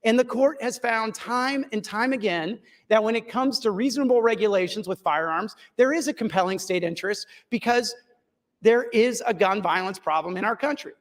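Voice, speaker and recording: High-voiced lawmaker losing his voice. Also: moderate pace. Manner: firm, lawyerly, repeats key points. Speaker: state senator in floor debate. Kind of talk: legislative floor speech. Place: legislative chamber.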